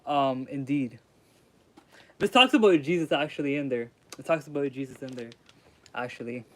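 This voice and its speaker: In this casual livestream commentary, a young streamer reads out chat messages and responds in loose, slangy rambling. He speaks at medium pitch and a moderate pace with a bright, forceful tone, over slight background noise.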